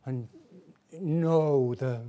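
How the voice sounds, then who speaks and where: A man's voice: medium pitch, extremely slow, warm tone. A male preacher giving an earnest, pleading evangelistic sermon, acting out little everyday dialogues.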